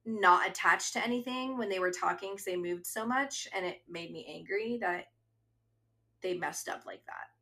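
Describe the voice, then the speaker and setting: A woman in her thirties with a bright, clear voice co-hosts a podcast. She chats earnestly, full of fond enthusiasm. Now and then she reads out a summary in a brisk, practiced way. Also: medium pitch. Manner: earnest and chatty, reads episode summaries aloud. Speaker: podcast co-host. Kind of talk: casual chat.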